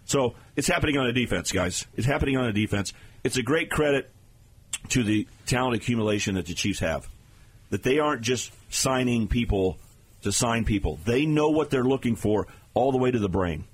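A man's voice: mid-range voice, animated, a little fast, a little hiss or hum. A man talking as a guest analyst on a sports radio show, explaining plays in an emphatic way.

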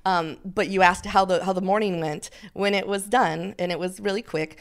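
A middle-aged woman chatting as a podcast guest, telling her story lively and acting out what people said. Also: medium pitch, moderate pace. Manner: animated storyteller, acts out quotes. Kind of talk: casual interview chat.

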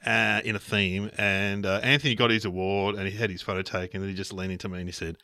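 An Australian man co-hosting a podcast, chatting in an animated, jokey way and tossing in quips and puns. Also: lowish voice, fast talker, no echo, studio quality. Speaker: podcast co-host. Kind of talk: casual comedic chat.

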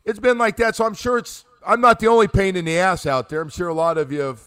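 A middle-aged man rambles through casual sports talk, poking fun at himself. His voice sits a touch high and he sounds close and dry on the mic, with no room around him. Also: fairly even intonation, fast talker, a bit bright, clear, resonant tone, dry recording. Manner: rambling, self-deprecating. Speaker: sports radio host. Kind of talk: casual chat.

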